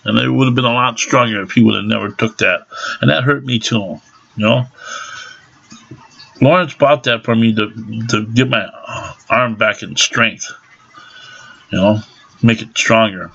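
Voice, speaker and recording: A man's voice: lowish voice, fairly even intonation, measured pace, gravelly, long pauses, fairly bright tone. A middle-aged man telling rambling, profane stories in casual chat, full of fillers and restarts. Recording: dull lo-fi home recording.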